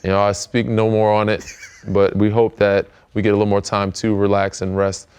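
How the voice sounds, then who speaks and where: A man's voice: lowish voice, a little fast, clean tone. An American man in his thirties, a podcast host chatting casually with plenty of fillers. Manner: relaxed, rambling, many fillers. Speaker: podcast host, pro basketball player. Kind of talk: casual chat.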